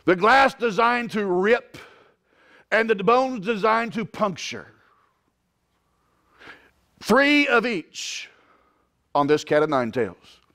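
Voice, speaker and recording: A man preaching a sermon as pastor, swinging from quiet, drawn-out lines to loud shouted climaxes. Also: sits high, sing-song. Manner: impassioned preaching, rising to shouts.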